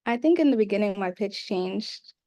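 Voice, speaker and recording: Female student, mid-pitched, brief and hesitant replies on a class video call. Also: animated, normal speed, mellow. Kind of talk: answering teacher in class.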